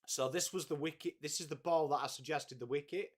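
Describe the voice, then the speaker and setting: A chatty man hosts a live watchalong, his voice sitting a little higher than most men's. He swears freely and breaks off often to greet viewers by name. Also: brisk. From England. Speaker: live stream host. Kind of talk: casual live watchalong chat.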